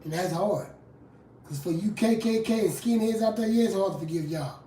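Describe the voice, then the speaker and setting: A street preacher and rap artist giving a fiery, confrontational live sermon, moving from low scripture reading to loud outbursts. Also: moderate pace, slight background noise. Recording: roomy echo from a distant mic.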